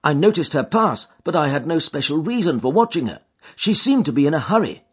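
A man reading an audiobook, voicing a steady policeman who gives plain, matter-of-fact answers. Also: fairly high pitch, a little fast, husky. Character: steady, plain-spoken male London policeman. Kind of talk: audiobook character voice. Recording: dull lo-fi recording.

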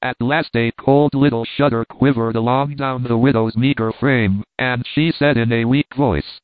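A man narrates a story in a steady, measured reading voice. The sound is narrow and phone-like, and it is very dry. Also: medium pitch, no echo. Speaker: audiobook narrator. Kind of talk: scripted narration.

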